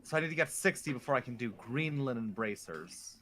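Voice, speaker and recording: A man's voice: medium pitch, lively intonation, a little fast, a bit bright, a little hiss or hum. A man chatting casually with a friend while playing an online game, telling rambling stories full of fillers. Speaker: co-op gamer. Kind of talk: casual chat while gaming.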